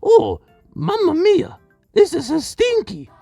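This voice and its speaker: Brief: Mario, a bouncy plush-video plumber, squeaky Italian-style voice pushed way up high, wild swoops. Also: male voice, wildly swooping pitch, slow, vocal fry, dark tone, no echo, soft background music, exaggerated voice. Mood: disgusted. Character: cheerful excitable male plumber hero.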